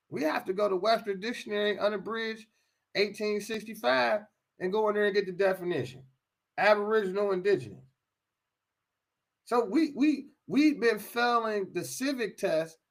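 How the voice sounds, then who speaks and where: A man's voice: high-pitched, vocal fry, a bit bright. An American man giving an impassioned talk, emphatic, often repeating and restarting his phrases. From United States.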